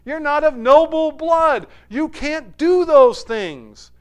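A man's voice: very high voice, slow pace, voice pushed up. A man voicing indignant young male servants in a raised, protesting tone. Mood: incredulous.

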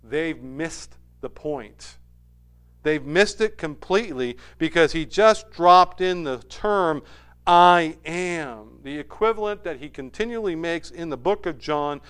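Smooth-voiced preacher with swelling emphasis. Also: male voice, expressive, slow. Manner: rising to emphatic, forceful stretches, then dropping low and quiet. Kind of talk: sermon.

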